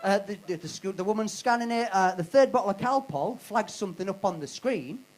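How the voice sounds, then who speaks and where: A man's voice: sits high, expressive, a little fast, low-quality recording. A man doing live stand-up on a comedy club stage, brash and sweary, teasing the crowd.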